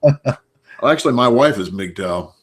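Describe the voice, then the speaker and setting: Older man, therapist guest, mid-pitched voice, emphatic, tells anecdotes. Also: unhurried. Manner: explains with anecdotes, emphatic and lively. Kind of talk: casual interview chat.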